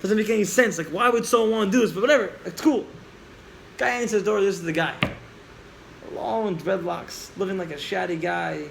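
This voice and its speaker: A man teaching a class, telling a story with lively acted-out dialogue and questions to the listeners. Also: high-pitched, a little fast, gravelly, a little hiss or hum, low-quality recording.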